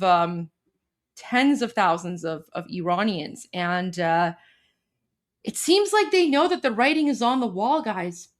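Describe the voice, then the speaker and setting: A woman's voice: fairly high pitch, a bit bright. A woman hosting live commentary, translating a clip for viewers, emphatic and full of repeated words and fillers. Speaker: host.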